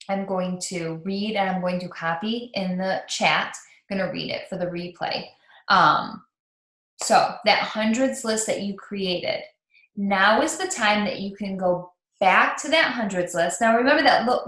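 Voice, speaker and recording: A woman's voice: mid-range voice, a bit bright, reverberant. A woman leading a live online training for new team members, talking in a chatty, upbeat way with lots of ums and restarts.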